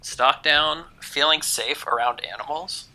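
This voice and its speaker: A man's voice: on the high side, a little slow, bright, forceful tone. A man who is a guest on a casual podcast chat, talking in a wry, rambling, earnest way.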